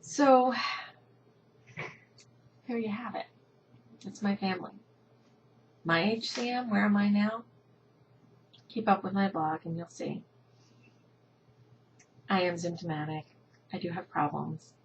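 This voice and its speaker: A woman's voice: medium pitch, fairly even intonation, takes it slowly, long pauses, muffled recording. A middle-aged woman from New Jersey telling her family story, emotional and heartfelt, her voice sometimes dropping to a whisper. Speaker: patient advocacy founder. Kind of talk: personal story to camera.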